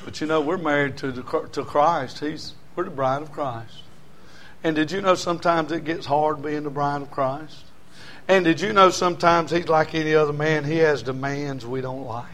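A man preaching in church, his voice sitting a little high. He builds emphatic, repetitive runs of phrases and mixes in folksy humor. He addresses a responsive congregation. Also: moderate pace, fairly bright tone, slight background noise. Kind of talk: sermon.

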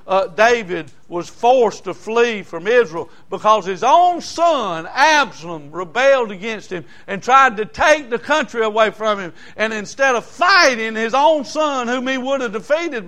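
A man, preaching a sermon in a folksy, animated way with homespun asides. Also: high voice. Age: 60s.

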